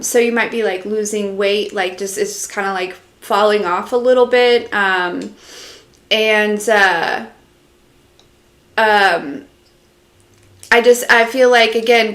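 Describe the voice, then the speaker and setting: Her mid-range voice is a bit bright, and the sound is roomy. An intuitive reader on a laid-back live stream, she wanders through a channeled message packed with fillers, talking straight to the audience and replying to their comments.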